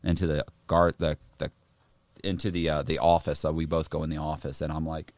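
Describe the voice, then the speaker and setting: A man casually telling a rough story, swearing a lot and acting out the other people in it. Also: a bass voice, brisk, no room sound. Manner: profane, animated, acts out other people's voices. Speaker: guest telling a prison story.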